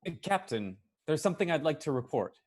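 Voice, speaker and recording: A man's voice: fairly high pitch, big pitch swings, fairly quick. A man reading as a caring woman doctor. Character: calm woman ship's doctor, caring, observant. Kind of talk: amateur audio drama reading.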